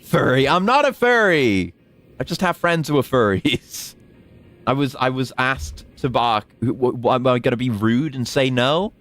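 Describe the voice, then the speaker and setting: A man's voice: medium pitch, animated, a little slow, a bit bright, soft background music. A young man casually commenting on a game as he streams, jokey and prone to swearing. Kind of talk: casual game commentary, reading dialogue aloud.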